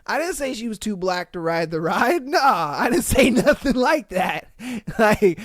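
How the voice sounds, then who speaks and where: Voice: medium pitch, big pitch swings, slow, no room sound, studio quality. A podcast host casually reading online stories aloud and reacting with frequent laughter and profane slang.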